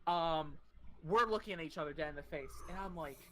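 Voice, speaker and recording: Bright-voiced podcast host telling a story. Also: mid-range voice, a little fast, slight background noise. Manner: animated, swears freely, many fillers. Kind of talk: casual storytelling.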